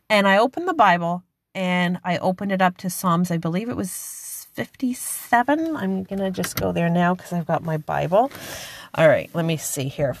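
A woman's voice: on the low side, animated, moderate pace, slight background noise. A middle-aged woman hosting a devotional podcast, speaking earnestly and emotionally, rising at times to fervent preaching. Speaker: podcast host.

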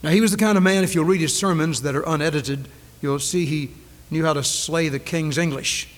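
A male preacher in a church sanctuary, preaching with a fairly high voice and dramatic swings from ringing declarations to near-whispers. He drives his points home by repeating phrases. The 1990s recording carries a long reverb from the hall. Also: brisk. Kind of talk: sermon.

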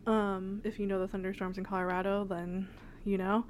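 A woman's voice: mid-range voice, level tone, moderate pace, a little hiss or hum. A young woman co-hosting a podcast, chatting casually and rambling with lots of fillers and laughs. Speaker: podcast co-host. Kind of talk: casual chat.

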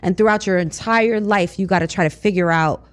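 A woman co-hosting a radio talk show, chatting casually and telling animated stories with frequent laughs. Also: medium pitch, a little fast. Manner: animated, storytelling, laughs often. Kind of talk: casual chat.

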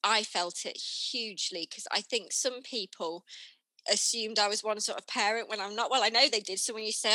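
A woman hosting a casual chat, reflective and quick to laugh along. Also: medium pitch, sharp tone, no room sound, rough recording.

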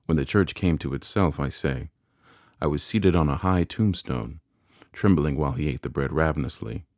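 A man reads a classic novel aloud in an unusually deep, low voice with a measured, deliberate delivery. The recording is dry and close to the mic, with no room sound at all. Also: darkish tone, no room sound. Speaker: audiobook narrator. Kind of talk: scripted narration of a classic novel.

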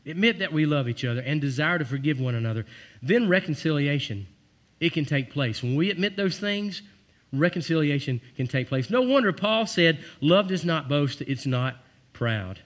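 A man preaching a sermon as pastor, earnest and emphatic, dropping soft and low for heartfelt lines. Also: expressive, normal speed.

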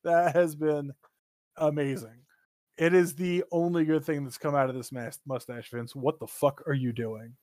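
A man with a slightly higher voice chats on a gaming podcast. He rambles and swears, and his pitch leaps up without warning. The sound is dry and close. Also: moderate pace, no room sound. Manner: animated, profane, rambling with sudden jumps in pitch. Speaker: podcast co-host. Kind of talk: casual gaming podcast chat.

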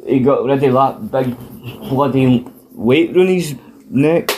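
A man's voice: mid-range voice, slow pace, darkish tone, a little hiss or hum. A man with a Scottish accent bantering bluntly and swearing as a podcast co-host. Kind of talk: casual wrestling chat.

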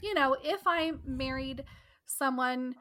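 High, bright-voiced chatty woman. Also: takes it slowly. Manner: chatty, lots of "like", outspoken. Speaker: podcast host. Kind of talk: casual chat.

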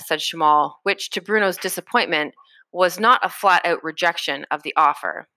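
A woman narrating a chapter of a novel in a steady storytelling manner. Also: sits low, moderate pace, no room sound. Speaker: audiobook narrator. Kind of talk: scripted narration.

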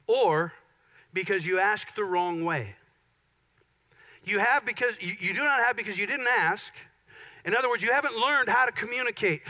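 A pastor preaching a conversational sermon, with playful asides and an Upper Midwest American accent. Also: male voice, high-pitched, pushed and bright, rough recording.

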